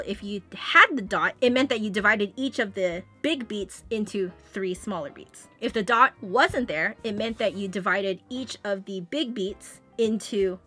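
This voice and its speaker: A woman's voice: medium pitch, pushed and bright. A young woman giving a casual, chatty music lesson, explaining rhythm and sight reading. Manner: chatty, explanatory, sings beats with "bum". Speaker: flute teacher.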